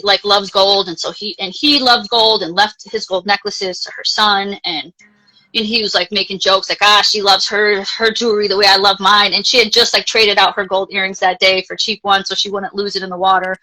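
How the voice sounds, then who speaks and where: A woman life coach, a guest in a live interview, telling a personal story in a chatty, animated way, full of "like" and casual swearing. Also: mid-range voice, moderate pace, rough recording. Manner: chatty, animated, frequent filler "like", casually profane.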